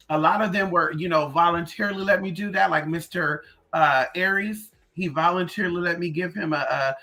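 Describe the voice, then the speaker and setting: A livestream host who also does spiritual readings chats casually in a mid-range voice, sassy and profane. She greets viewers by name and tells animated stories peppered with "girl" and "honey."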